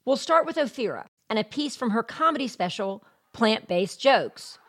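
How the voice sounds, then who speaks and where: A woman's voice: fairly high pitch, lively intonation, normal speed. Woman host reading podcast introductions. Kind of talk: scripted podcast narration.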